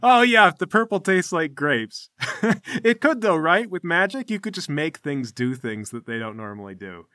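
A man's voice: medium pitch, very animated, moderate pace, hardly any pauses, no room sound, studio quality, natural voice. A man voicing a brash, fake-jovial male guild armsman who talks down to people in a smug, teasing way.

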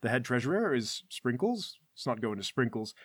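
A man's voice: mid-range voice, big pitch swings, moderate pace, husky, dry recording, studio quality. A man voicing a flustered, scholarly male curator who explains things in a hesitant, fussy way. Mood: explaining.

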